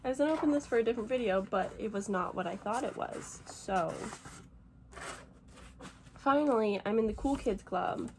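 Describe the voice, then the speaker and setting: A young woman from the United States, a book vlogger chatting casually and gushing emotionally, rambling fast with lots of fillers while teary. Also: a little high, animated, slight background noise. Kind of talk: casual vlog chat.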